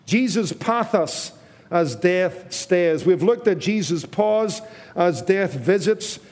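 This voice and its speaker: A man preaching a sermon, slow and emphatic, repeating key phrases to his congregation. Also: high voice, animated, a little mellow, long reverb tail.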